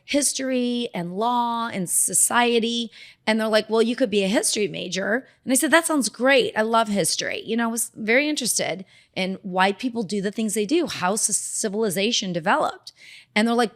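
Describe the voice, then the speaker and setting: Her voice sits a little high and moves at normal speed. She's a middle-aged dermatologist from Southern California, sharing her life story in a casual interview and animatedly imitating the people she quotes.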